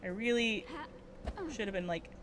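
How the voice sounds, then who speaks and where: A woman's voice: mid-range voice, moderate pace, music in the background. Woman streamer, casual muttered commentary, swears often. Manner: muttering to herself, swearing, scattered.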